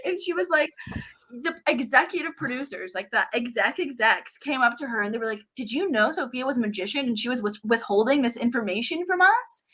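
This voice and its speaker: A young woman guest in her twenties on a video call, telling animated stories and acting out the voices of people in them. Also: high voice. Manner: acts out quoted voices, laughs often. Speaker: reality show contestant guest. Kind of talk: animated storytelling in an interview.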